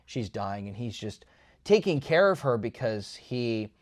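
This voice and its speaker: Animated young man reviewing a film. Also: medium pitch, measured pace. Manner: animated, jokey retelling with acted quotes. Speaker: podcast co-host. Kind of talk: casual movie review chat.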